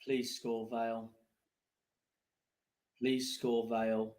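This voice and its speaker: A young man, live-streaming a football watchalong, grumbling and fuming at the scores, dropping to mutters and rising to shouts. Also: medium pitch, little pitch movement, drawn-out words. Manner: frustrated, ranting, swings between muttering and shouting.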